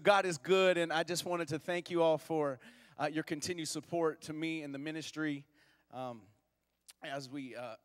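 A man's voice: mid-range voice, long reverb tail. A young man preaching a sermon in a church, joking with the congregation and leading call-and-response. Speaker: guest preacher. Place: church sanctuary.

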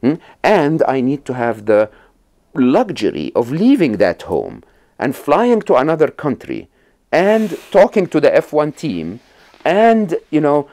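A man's voice: on the high side, huge pitch swings, unhurried, a little mellow. A middle-aged man from Egypt, a podcast guest telling stories and explaining ideas in a conversational interview, with many restarts and check-ins like "right?".

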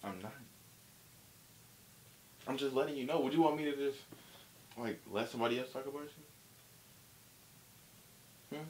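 A man's voice: mid-range voice, normal speed, long pauses, a little mellow, a little hiss or hum. A young adult man, a vlogger, teasing his girlfriend in a casual prank video. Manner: teasing, playful.

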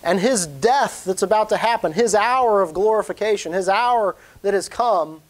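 A man preaching a sermon as pastor, earnest and rising in pitch when he stresses a point. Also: normal speed.

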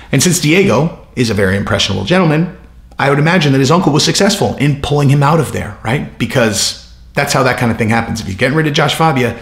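A man hosting a ranting commentary vlog about mixed martial arts, with animated, profane, sarcastic riffing. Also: mid-range voice, gravelly, echoey room. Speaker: MMA commentator.

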